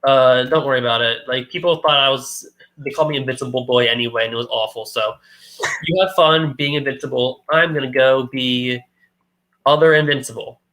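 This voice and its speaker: A man's voice: mid-range voice, steady tone, a little fast, pushed and bright, rough recording. A man co-hosting a podcast, casually retelling a comic book plot and acting out the characters' lines. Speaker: podcast co-host.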